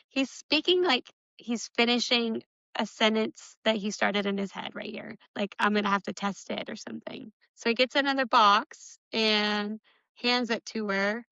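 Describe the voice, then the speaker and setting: Bright, chatty young woman recapping a book. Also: fairly high pitch, steady tone, slow pace, clear, resonant tone, no echo, lo-fi sound. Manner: chatty recapping with giggles and filler words. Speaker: book podcast co-host. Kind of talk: casual book discussion.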